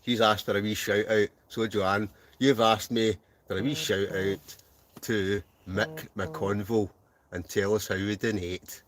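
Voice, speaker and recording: A man's voice: lowish voice, fairly even intonation, a little slow, crowd noise. A Scottish man hosting a live stream from inside a camping tent, reading out viewers' comments with lots of jokes and laughter. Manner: jokey, laughs often, reads names aloud. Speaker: wild camping channel host.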